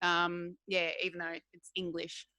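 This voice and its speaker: A woman's voice: fairly low pitch, monotone, a little slow, sharp tone, dry recording, clean studio sound. A woman co-hosting a podcast, chatting casually, laughing often and swearing freely. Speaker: podcast co-host. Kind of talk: casual chat.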